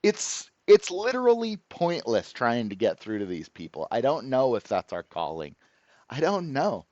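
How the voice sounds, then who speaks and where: A man's voice: mid-range voice, wildly swooping pitch, moderate pace, darkish tone, no room sound, lo-fi sound. A man ranting to the camera as host of his own channel, profane, sarcastic and exasperated.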